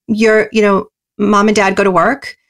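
A woman in a mid-range voice gives earnest parenting explanations as an interview guest. She talks in loose runs, filling pauses with small hesitations. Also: mid-range voice, level tone, vocal fry. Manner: earnest and explanatory, many you-knows and ums. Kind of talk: interview answers.

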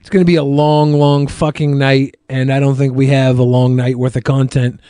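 A man's voice: medium pitch, little pitch movement, normal speed, dark tone, clear, resonant tone, no echo, studio quality. Swearing, exasperated podcast man. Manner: profane and exasperated. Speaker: podcast host. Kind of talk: live podcast chat reading viewer questions.

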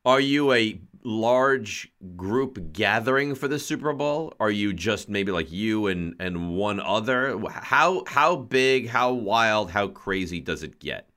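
A man's voice: on the low side, lively intonation, slow pace, few pauses, sharp tone. A man hosting a sports talk show, playfully grumpy and emphatic in his complaints. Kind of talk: casual chat.

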